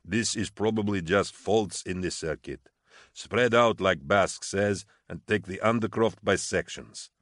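A man voicing a brisk male officer who directs a search in an audiobook. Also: low voice, a bit bright, no room sound, clean studio sound. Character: calm male officer who turns loud.

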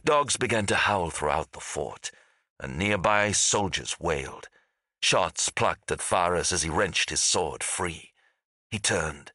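Deep guy reading a dark fantasy book, lively delivery, bright tone, dry close mic. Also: takes it slowly, dry recording. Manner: dramatic, lively storytelling. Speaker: audiobook narrator. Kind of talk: scripted narration.

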